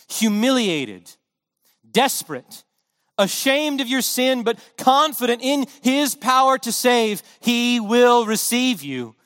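Man, preacher, high voice, earnest impassioned sermon, emphatic repetition, long hall reverb. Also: fairly bright tone.

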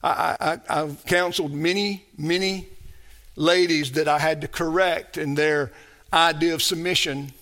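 Bright, emphatic male preacher. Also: on the high side, fairly even intonation, a little slow. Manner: emphatic, repetitive preaching that climbs to shouts. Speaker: pastor. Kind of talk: sermon.

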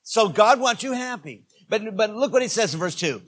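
A male pastor preaching a sermon, addressing his congregation directly and moving between loud exhortation and quieter asides. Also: sits high, expressive, a little fast, few pauses.

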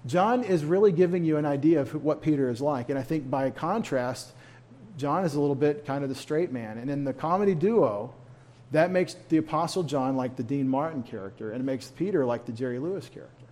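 A man's voice: fairly high pitch, brisk, darkish tone. A man leading a church Bible study in a folksy, conversational way, with humorous asides.

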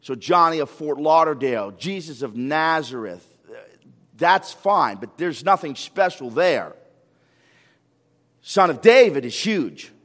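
A man preaching a sermon as a pastor, animated, firing rhetorical questions and repeating words when he gets excited. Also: on the high side, measured pace. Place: church sanctuary. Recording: long hall reverb.

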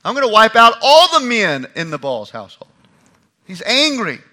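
A man's voice: sits high, wildly swooping pitch, normal speed, pushed and bright. A man preaching a sermon, walking through a Bible passage and acting out the lines he quotes. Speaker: pastor.

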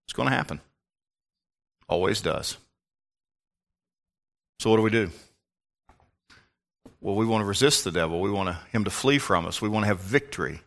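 A man's voice: lowish voice, lively intonation, moderate pace, creaky, long pauses, a bit bright. An older man, a pastor, preaching a sermon in an emphatic, folksy way with asides to the congregation.

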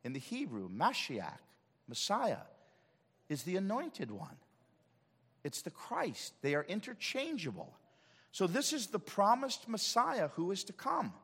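A man preaching a sermon in a church, swinging from loud declarations to hushed asides. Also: high voice, wildly swooping pitch, a little slow, breathy edge, big-room sound. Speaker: pastor. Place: church sanctuary.

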